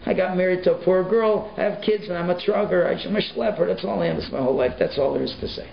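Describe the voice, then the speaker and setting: A man's voice: high-pitched, fast talker, gravelly, voice pushed up. A man voicing a humble, poor porter who speaks plainly and pleads tearfully, in an echoey, muffled recording. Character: humble poor older male porter, meek and devout.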